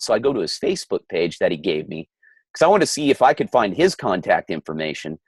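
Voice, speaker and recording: A man's voice: on the low side, sing-song, a little fast, husky, dry recording. A middle-aged man co-hosting a podcast, ranting heatedly in casual chat with frequent stammering restarts. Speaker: podcast co-host.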